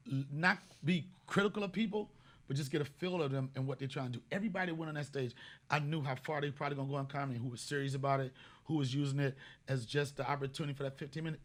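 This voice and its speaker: Husky, profane male comedian host. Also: a little high. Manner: profane, animated, bursts into loud shouted bits. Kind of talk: casual comedic storytelling.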